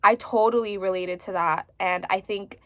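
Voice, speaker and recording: A woman in her twenties chatting casually as a book vlogger, expressive and full of filler words. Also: medium pitch, normal speed, no echo. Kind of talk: casual chat to camera.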